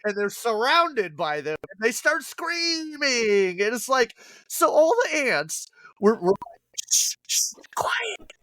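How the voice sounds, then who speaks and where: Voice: medium pitch, very animated, takes it slowly, few pauses, fairly bright tone, dry recording. A podcast co-host animatedly retelling a bad movie's plot in casual chat, acting out the characters and swearing freely.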